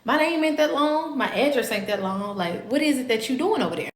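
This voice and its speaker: Girl in her 20s telling a storytime, dramatic and cussing, high voice, echoey room. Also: brisk. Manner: dramatic, profane and animated. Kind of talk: casual storytime.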